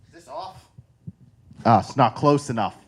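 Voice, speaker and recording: A man doing a stand-up comedy set, with a loud, brash delivery full of swearing. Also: mid-range voice, wildly swooping pitch, measured pace, creaky, breathy edge. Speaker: stand-up comic.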